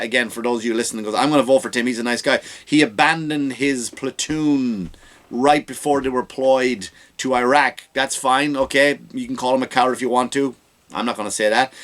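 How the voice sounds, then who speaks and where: A man's voice: mid-range voice, a bit bright. A man hosting a comedy podcast, ranting sarcastically about politics with profanity and rhetorical questions.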